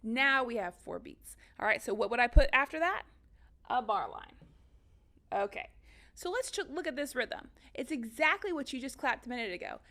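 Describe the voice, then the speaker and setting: A woman's voice: on the high side, big pitch swings, moderate pace, bright, forceful tone. A woman music teacher giving a recorded lesson for children, upbeat and encouraging, counting beats and chanting rhythms aloud.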